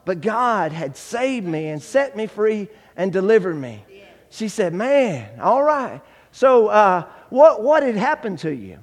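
A man giving a testimony sermon, acting out the dialogue in his story and swinging from hushed to shouting. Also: high voice, sing-song, slow pace, in a large hall. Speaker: guest preacher giving testimony.

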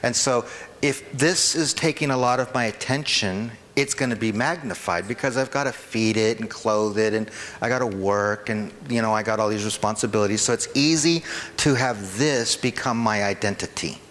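A man's voice: lowish voice, moderate pace, a bit bright, big-room sound. A man preaching a sermon in an informal, conversational way, often checking in with the congregation. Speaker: pastor. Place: church hall.

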